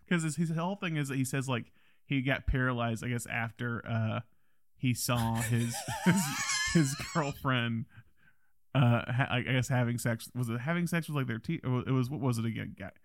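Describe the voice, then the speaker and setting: A man co-hosting a film podcast chats casually about a comedy, jumping into playful put-on voices to act out scenes. His voice sits at a middle pitch. The sound is dry and close. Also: normal speed, dry recording. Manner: animated, acts out movie lines in playful voices. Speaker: podcast co-host.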